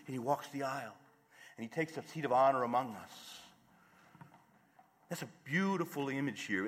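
A man preaching a sermon as a priest, moving between soft explanation and rising, fervent declaration. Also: medium pitch, in a large hall.

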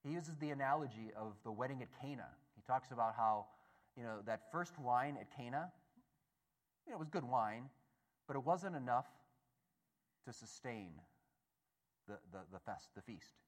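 A man giving a storytelling talk to an audience, animated and acting out voices, often stammering and restarting. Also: mid-range voice, moderate pace, long pauses. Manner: animated, acts out the voices in his stories. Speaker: speaker at a Catholic gathering.

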